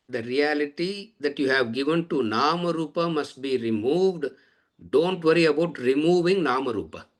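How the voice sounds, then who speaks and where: Man lecturing, repeating and questioning. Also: fairly high pitch. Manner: repeats phrases, asks rhetorical questions. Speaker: Vedanta teacher. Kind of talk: lecture on scripture.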